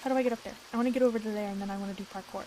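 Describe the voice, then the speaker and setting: A young woman streaming a game, excitable and swearing freely, talking to the characters on screen. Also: mid-range voice, very fast, slight background noise, poor audio. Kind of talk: casual gameplay commentary. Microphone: desk mic.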